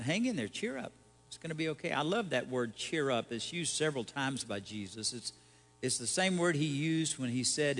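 Male pastor preaching in a reverberant hall. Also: mid-range voice. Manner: conversational preaching with rhetorical questions and light humor. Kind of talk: sermon.

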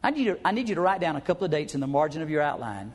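A man delivers a sermon in a folksy, emphatic way, often addressing his listeners directly. His voice sits high for a man. A long hall reverb trails behind his words. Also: very animated, rapid-fire, husky. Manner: folksy, emphatic, acts out crowd chants. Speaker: preacher. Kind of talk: sermon teaching.

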